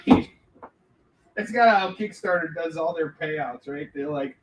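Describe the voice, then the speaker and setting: Speaking slowly but animatedly in a fairly high voice, a male comic book artist jokes and rambles his way through a casual livestream Q&A, often breaking into laughter. The recording has a distant mic and faint background noise.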